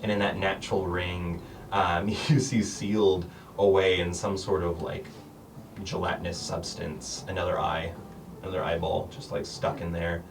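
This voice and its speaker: A man's voice: deep voice, little pitch movement, moderate pace. A man narrating as game master of a tabletop game, rambling with many fillers. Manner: rambling, filler-heavy, laughing often. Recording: distant mic, faint noise.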